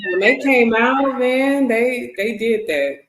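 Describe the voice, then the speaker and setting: A woman in casual chat, relaxed and agreeable, chiming in. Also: fairly high pitch, takes it slowly, faint music behind. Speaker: co-host. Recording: echoey room with faint noise.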